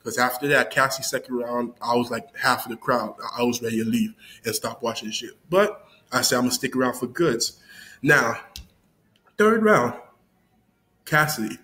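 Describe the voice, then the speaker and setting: A man casually recapping a battle, animated and laughing as he quotes lines. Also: medium pitch, normal speed. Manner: animated, laughing, quoting lines with mock voices. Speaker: battle rap reviewer.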